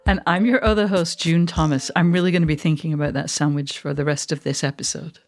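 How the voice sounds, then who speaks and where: A woman's voice: low-pitched, fairly even intonation, quick pace, faint music behind. A middle-aged woman from Manchester with a mid-Atlantic accent, co-hosting a podcast in casual, reflective chat. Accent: mid-Atlantic English. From England, Manchester. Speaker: podcast co-host.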